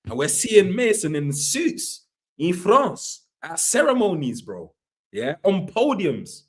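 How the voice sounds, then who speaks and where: A man bantering on a casual football podcast, full of slang and quick agreement. His voice is husky and a little high. His pitch swings very widely. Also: sing-song. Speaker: podcast co-host.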